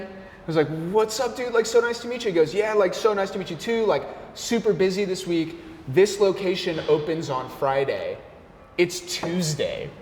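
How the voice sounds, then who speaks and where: A young man, a barista, telling a story in an animated, slangy way, his voice jumping up when he gets excited. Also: a little high, slight background noise. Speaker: barista and café worker. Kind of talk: casual storytelling chat. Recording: roomy echo with long reverb, faint ambience.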